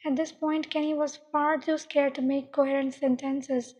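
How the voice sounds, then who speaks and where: A woman calmly narrating a dark adult story in a measured way. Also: high voice. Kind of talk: reading dark fiction aloud. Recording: dull, long echoing reverb.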